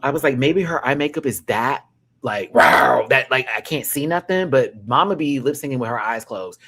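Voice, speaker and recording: A young man hosting a live review chat, sassy and animated, laughing and then dropping to quiet asides. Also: mid-range voice, brisk. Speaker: host reviewing a reality show live.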